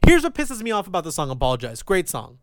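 Brash high-pitched man, profane host. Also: huge pitch swings, fast talker, no echo, clean studio sound. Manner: brash, profane, mocking, jumps into falsetto mimicry. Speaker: radio show host. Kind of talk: crude casual banter.

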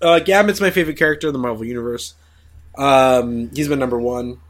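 A man's voice: mid-range voice, brisk. Brief: male podcast host, casual movie chat, swears a lot, fired-up opinions, mid-range voice. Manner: swears freely, animated opinions, quotes others in voices.

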